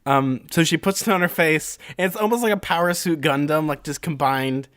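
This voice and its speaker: Young man, podcast co-host, casual chat, rambling, jokey, slightly high voice. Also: brisk, fairly bright tone. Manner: rambling, jokey, many fillers. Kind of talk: casual chat, retelling a story.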